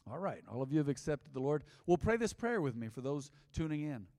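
Male pastor, emphatic sermon delivery, slightly high voice, recorded with long hall reverb. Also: sing-song, brisk, faint music behind. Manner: emphatic preaching, repeats lines, swings loud and soft. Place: large church hall.

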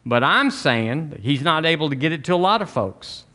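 A man preaching a sermon as pastor, folksy and emphatic, climbing higher on key lines. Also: very animated, normal speed, sharp tone. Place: church sanctuary.

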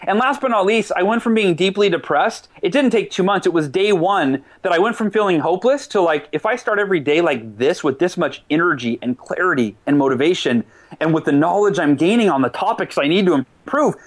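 A man with a high, bright-sounding pitch talks as a guest on a radio interview. He speaks with eager energy, stopping and restarting sentences as he goes. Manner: eager, quick restarts, self-corrections. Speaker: author and guest. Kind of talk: animated interview talk.

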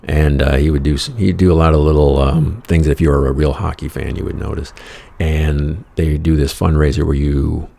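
A man's voice: a bass voice, fairly even intonation, normal speed, gravelly, dark tone. A man telling a casual anecdote in a wry, exasperated, profane way. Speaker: storyteller.

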